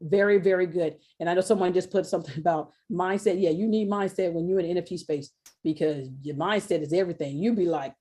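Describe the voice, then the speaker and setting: A woman's voice: lowish voice, fast talker, warm tone, husky. A middle-aged woman presenting a sales webinar in a chatty, informal way, acting out quoted voices and laughing often. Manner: informal, colloquial phrasing. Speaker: webinar presenter selling an NFT course. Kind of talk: casual sales webinar talk.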